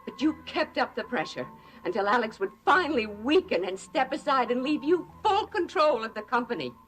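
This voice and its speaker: An actress playing a stern wife who speaks in a cold, measured way in an 1980s TV soap. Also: female voice, fairly high pitch, very animated, soft background music, rough recording. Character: stern woman, protective wife.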